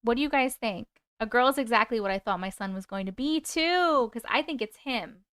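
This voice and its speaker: Smooth-voiced woman hosting a live stream. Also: on the high side, lively intonation, fairly quick, a bit bright, dry recording, studio quality. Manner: emotional, reacts openly to chat comments. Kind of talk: reading viewer stories aloud and chatting with live viewers.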